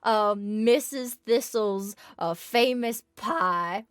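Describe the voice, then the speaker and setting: A woman's voice: mid-range voice, moderate pace, no room sound. A woman running a tabletop game as game master, narrating with many hesitations and restarts. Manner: hesitant, full of fillers and restarts.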